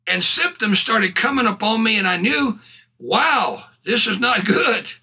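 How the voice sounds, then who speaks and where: A man's voice: high voice, expressive, a little slow, vocal fry, sharp tone, breathy edge. A male preacher delivering a fervent sermon, often breaking into hallelujahs and bursts of laughter.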